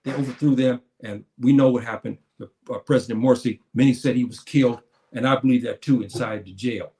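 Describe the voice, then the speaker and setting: A man's voice: medium pitch, steady tone, a little fast, dark tone. A man giving an earnest spoken religious lecture, addressing his listeners as brothers and sisters, often restarting his phrases. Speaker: Muslim preacher.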